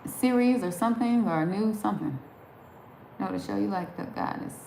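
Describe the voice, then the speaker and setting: A woman's voice: mid-range voice, normal speed, gravelly, dark tone. A woman from New Jersey with a Southern accent, rambling and laughing as she chats with viewers on a live stream. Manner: chatty, rambling, laughs often. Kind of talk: casual chat reading viewer comments. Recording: echoey room with faint background noise.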